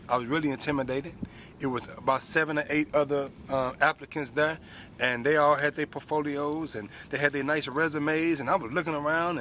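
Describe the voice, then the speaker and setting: A man's voice: a little high, bright, forceful tone, slight background noise. A man in his forties telling a personal story, plain spoken and full of street slang. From United States. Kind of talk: personal story told to an audience.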